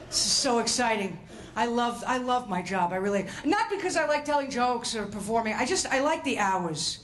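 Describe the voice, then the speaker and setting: A woman's voice: fairly high pitch, lively intonation, normal speed, a crowd in the background, noisy background. A woman performing stand-up with a chatty, self-mocking delivery. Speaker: stand-up comedian. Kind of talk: stand-up comedy set.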